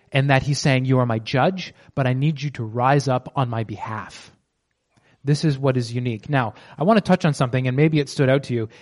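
A man giving a conversational Bible teaching, reading scripture slowly and explaining it with casual fillers and restarts. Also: mid-range voice, a little mellow.

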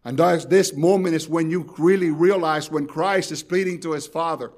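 A man delivers a sermon in a pleading, urgent way, rising and falling in intensity as he speaks straight to his listeners. His voice sits somewhat high for a man, and he drives points home by repeating key phrases. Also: moderate pace, darkish tone. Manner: addresses listeners directly and repeats phrases for emphasis. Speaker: preacher.

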